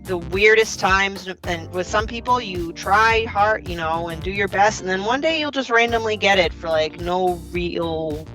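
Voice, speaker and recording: A woman's voice: mid-range voice, a little slow, hardly any pauses, fairly bright tone, soft background music. A woman co-hosting a casual podcast, a bit under the weather, chatting in a loose, rambling way and laughing easily. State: a bit sick. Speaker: podcast co-host.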